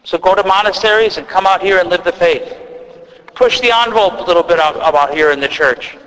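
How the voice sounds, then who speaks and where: A high-voiced man with an Upper Midwest accent delivers a sermon. He talks in a relaxed, conversational way, restarting phrases and adding asides. His voice rings out with a long reverb in a church. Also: fairly quick. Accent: Upper Midwest American. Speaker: priest.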